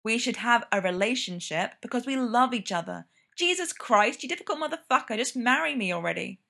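Woman voicing a curt, foul-mouthed young man, bright and sharp-edged in a spoken storybook. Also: a little high, normal speed. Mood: exasperated. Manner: curt, swearing, exasperated. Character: blunt, exasperated young man, sweary and impatient.

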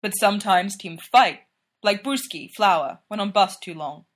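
A woman voicing a gentle, cautious foreign male hockey player who speaks halting, broken English. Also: medium pitch, animated, lightly acted.

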